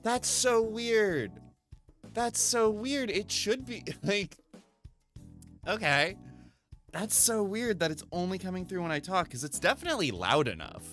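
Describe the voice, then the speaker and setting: A male streamer's casual chat, recorded on a desk mic at home. His voice is bright and his pitch swings widely as he rambles, curses lightly and makes fun of himself. Faint music sits underneath. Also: unhurried. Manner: animated, rambling, swears, self-deprecating. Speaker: live streamer. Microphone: desk microphone through a mixer.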